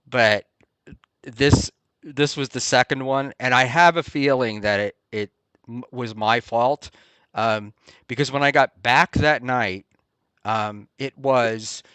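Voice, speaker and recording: A man hosting a casual talk show, rambling and halting with many ums and restarts. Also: medium pitch, fairly bright tone, clear, resonant tone, dry recording. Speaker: podcast host. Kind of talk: casual chat. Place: Hoboken area, New Jersey.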